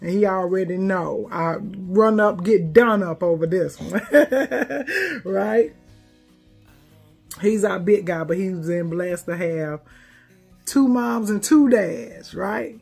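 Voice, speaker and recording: Slow-talking teary woman live streaming. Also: mid-range voice, creaky, a little mellow, slightly rough, soft background music. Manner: emotional, laughing through tears. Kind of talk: casual live stream chat.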